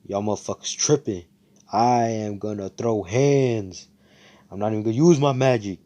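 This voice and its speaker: A man's voice: on the low side, normal speed, mellow, natural voice. A man voicing a brash, cocky young male fighter who talks bluntly and swears.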